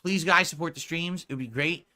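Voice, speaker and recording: A man's voice: on the high side, a little fast, pushed and bright. A man streaming live, talking to his chat in an indignant, lecturing way, arguing back and asking for support. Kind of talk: livestream talk to chat.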